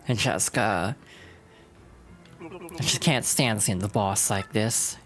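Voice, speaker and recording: A woman voicing a gruff male mobster goon in a game, talking in tough-guy slang. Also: very deep voice, takes it slowly, faint music behind.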